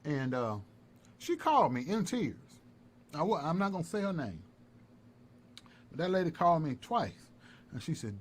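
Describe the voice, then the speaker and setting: This North Carolina man, a live-stream commentator, taunts and repeats himself in an animated, heated callout. His voice is a little high at a moderate pace, broken by long pauses, with faint noise in the background.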